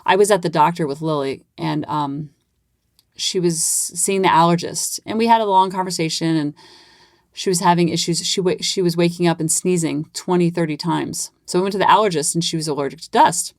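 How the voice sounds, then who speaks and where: Woman host in her thirties, chatty and animated, lowish voice, dry recording. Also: brisk, no room sound. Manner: animated, acts out quoted lines. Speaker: podcast host. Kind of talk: casual storytelling monologue.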